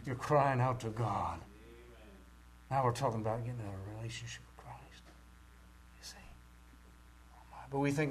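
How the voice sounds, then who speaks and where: A man preaching a sermon with great passion, rising to loud cries and dropping to near-whispers. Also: medium pitch, normal speed, pauses often. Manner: impassioned, swings from shouting to near-whispers.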